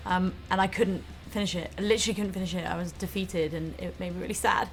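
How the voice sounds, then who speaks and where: A young British woman in a rock band shares a light story in a casual tone. She hesitates and fills pauses with likes and ums. Soft music plays faintly behind her. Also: on the low side, steady tone. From United Kingdom. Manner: chatty, hesitant, lots of fillers. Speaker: band member. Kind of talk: casual anecdote.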